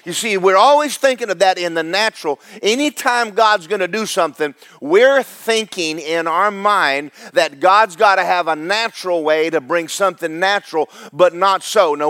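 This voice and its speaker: A man's voice: high-pitched, lively intonation, measured pace, hardly any pauses, a bit bright, dry recording. A man preaching a sermon, folksy and storytelling, acting out the characters. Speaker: pastor.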